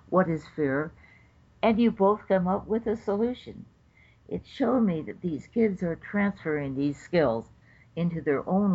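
A woman's voice: low voice, husky. An older woman, a judge, telling stories in an interview and acting out what others said. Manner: animated storyteller acting out quotes. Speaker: federal judge. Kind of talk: interview storytelling. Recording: dull lo-fi recording.

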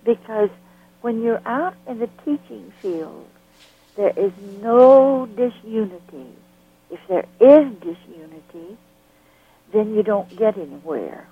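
An older woman from the Southern United States recalls her experiences in an interview, slipping into the voices of the people in her stories. Her voice is husky, and she talks slowly. The sound is thin and tinny, like a phone line. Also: on the high side. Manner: lively storyteller who acts out quoted dialogue. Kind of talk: storytelling reminiscence.

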